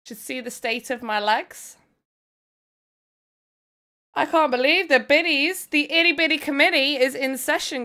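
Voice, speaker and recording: A woman hosting a live stream, talking to her viewers in a loud, excitable way. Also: very high-pitched. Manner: excitable, loud, fast-shifting energy. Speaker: streamer host.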